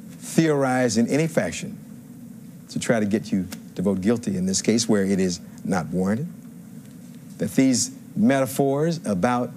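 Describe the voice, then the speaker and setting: A man's voice: mid-range voice, a little mellow, a little hiss or hum. A defense attorney in his fifties giving a courtroom closing argument to a jury, emphatic and rhetorical, building phrases through repetition. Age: 50s.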